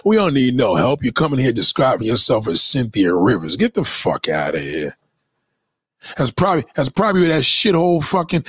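Animated, profane man with a lively voice. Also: medium pitch, normal speed, husky, no echo. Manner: animated, profane, mocking commenters. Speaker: livestream host. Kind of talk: casual livestream rant.

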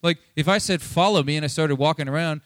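A man preaching a sermon in a casual, conversational way, acting out quoted dialogue with animated inflection. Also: fairly high pitch, fast talker, no echo. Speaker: pastor.

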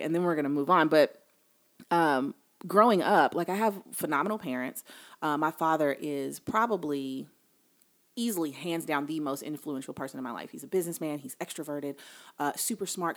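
A woman in casual conversation, telling stories in an earnest, emphatic way. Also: sits low.

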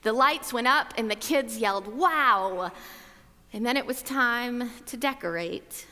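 A woman telling a personal story about gratitude in a slow, reflective, measured way. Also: on the high side, sharp tone, in a large hall. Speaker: speaker.

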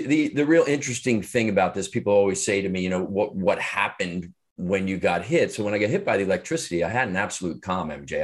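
A middle-aged man, a podcast guest, earnestly recounting a personal story in a reflective way with frequent fillers and restarts. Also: sits low. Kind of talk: interview storytelling.

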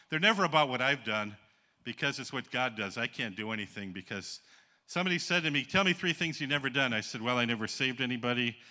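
A man's voice: mid-range voice, bright, forceful tone. A man from the Upper Peninsula of Michigan preaching a sermon, telling folksy stories and calling out to the congregation for answers. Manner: folksy, jokes with the congregation and calls for responses.

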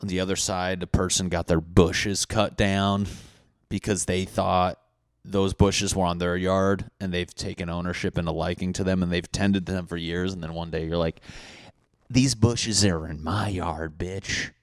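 A man hosting a solo comedy podcast, rambling profanely and acting out neighbors in loud mocking voices. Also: deep voice, level tone, moderate pace, smooth, dry recording, clean studio sound. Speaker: podcast host. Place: indoors at home.

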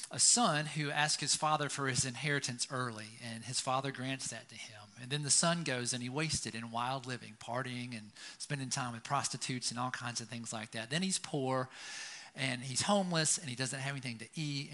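A man's voice: medium pitch, sharp tone. A man giving a conversational sermon, telling stories and often checking in with his listeners by asking "right?". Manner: storytelling, keeps asking "right?". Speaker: pastor.

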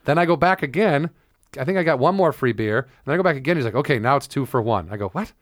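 A man's voice: mid-range voice, animated, fast talker, dry recording, studio quality. A man co-hosting a podcast as a comedian, telling crude stories with acted-out quotes in a casual chat.

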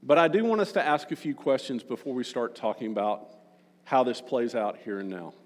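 A man's voice: mid-range voice, brisk. A male pastor giving a sermon, reading scripture aloud and breaking in with casual, joking asides. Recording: long reverb of a large room.

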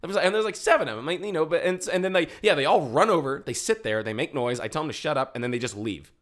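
Brief: young male podcast co-host, quick-talking, lively pitch, animated storyteller. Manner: animated storyteller who acts out shouted quotes. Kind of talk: casual chat.

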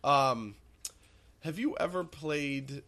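A man's voice: on the high side, lively intonation, slow, creaky, pushed and bright. A man co-hosting a casual gaming podcast, hesitant and self-correcting as he talks. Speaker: podcast co-host.

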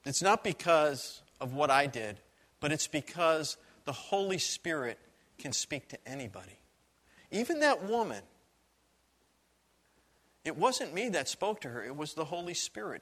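A male pastor delivers a sermon as a story, earnest and animated, often circling back over his own phrases. His voice is bright and sits a little high for a man. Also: a little slow, long pauses.

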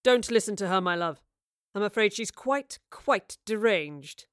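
A woman voicing a pompous, menacing gentleman who growls and scoffs, in an audiobook. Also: medium pitch, lively intonation, unhurried, clear, resonant tone, dry recording, studio quality, close to an everyday voice. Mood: scornful. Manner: scornful, growling, derisive. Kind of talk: audiobook character voice.

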